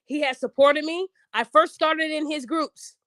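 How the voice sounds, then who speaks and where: Blunt, high-voiced woman podcast host. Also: steady tone, a little slow, fairly bright tone, no echo. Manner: blunt, outspoken, acts out quotes in raised voices. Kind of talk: casual chat.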